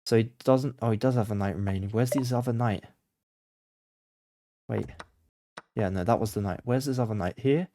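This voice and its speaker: A man with a voice on the low side speaks at normal speed, pausing often, in a studio-quality recording free of room sound. A chess content creator, he thinks aloud through a blindfold game, muttering moves and getting flustered and panicky when he loses the board, then quietly focused again.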